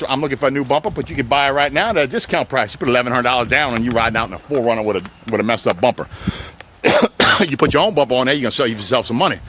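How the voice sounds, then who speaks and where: A man's voice: mid-range voice, a bit bright. A used car dealer talks up his stock as he walks his lot outside, a man in a mid-range voice with folksy, hard-selling patter. He keeps calling out to his viewers between prices. Faint traffic and outdoor ambience sit under his voice. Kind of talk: sales pitch walking a car lot.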